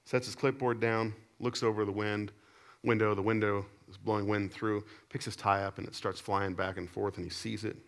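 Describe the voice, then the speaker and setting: A man with a somewhat low voice delivers a sermon, weaving stories into his message. He jumps between loud emphatic lines and low, quiet asides, keeping the telling lively. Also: normal speed, creaky. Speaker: pastor. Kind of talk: sermon with storytelling.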